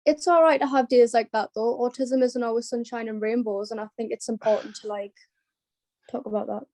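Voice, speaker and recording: A woman's voice: a little high, fairly even intonation, brisk, warm tone, dry recording. A young British woman chatting casually, with lots of filler "likes". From United Kingdom. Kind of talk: casual group chat.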